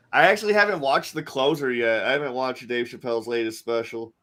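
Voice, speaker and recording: A man's voice: mid-range voice, a bit bright. A man in casual podcast chat, telling rambling stories and laughing between them.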